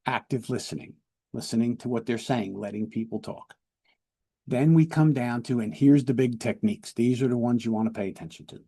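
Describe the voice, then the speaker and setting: A man's voice: mid-range voice, brisk, warm tone, breathy edge. A man, a police lieutenant, gives a de-escalation training lecture, explaining step by step, repeating words and checking in with "right?".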